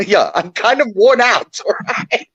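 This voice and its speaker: An older woman who talks with blunt, emotional force and a lively pitch that swings up and down. Her voice comes through a dull, lo-fi line in a dry, close sound. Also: slow, breathy edge, no echo. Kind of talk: casual chat.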